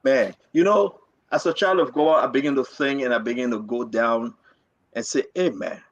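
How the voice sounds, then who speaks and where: A man's voice: medium pitch, normal speed, highs cut off. A man hosting a live political talk show, emphatic and repeating himself as he reads quotes aloud.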